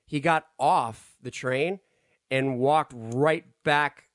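A man telling a story in casual chat, halting and full of fillers. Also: mid-range voice, no room sound, studio quality.

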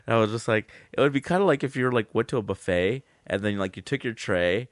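A man in his thirties, a comedian co-hosting a podcast, telling stories with squeaky voiced asides. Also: fast talker, dry recording, clean studio sound. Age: 30s. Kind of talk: casual podcast banter.

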